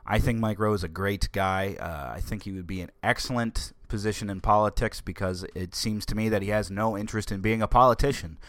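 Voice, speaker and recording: Man, low voice, sarcastic ranting, dry close sound. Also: fairly quick, hardly any pauses, fairly bright tone, no room sound. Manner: sarcastic, ranting, with many fillers. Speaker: political commentator. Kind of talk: casual political rant.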